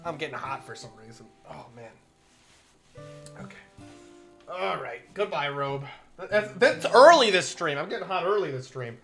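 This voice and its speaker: A young man streaming live, reading a visual novel aloud and chatting, animated and laughing at his own jokes. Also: fairly high pitch, moderate pace, creaky, pauses often, faint music behind.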